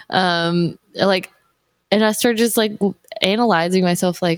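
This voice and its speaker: A woman's voice: medium pitch, slow, long pauses, no echo. A woman in her thirties, a mother, talking candidly and rambling, with lots of "like" fillers. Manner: rambling, heavy use of "like". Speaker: guest, mother and streamer. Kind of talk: candid casual conversation.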